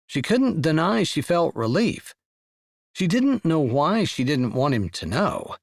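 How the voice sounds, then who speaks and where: Male audiobook narrator; animated, dry close studio sound. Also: fairly high pitch, a little slow, gravelly, dry recording. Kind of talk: scripted romance narration.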